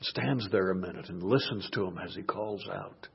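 A man preaching a sermon, dropping to hushed murmurs and rising to loud shouted passages. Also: deep voice, moderate pace, creaky, slightly rough, muffled recording.

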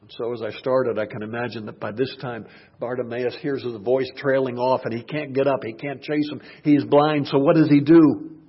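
Husky preacher swinging from hush to shouts. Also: male voice, medium pitch, fairly even intonation, moderate pace, muffled recording. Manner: swings from hushed murmurs to loud shouted quotes. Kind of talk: sermon.

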